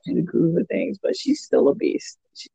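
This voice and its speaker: A woman's voice: medium pitch, animated, brisk, vocal fry, mellow, husky, no room sound. A woman guest in a casual chat, telling rambling stories and laughing often.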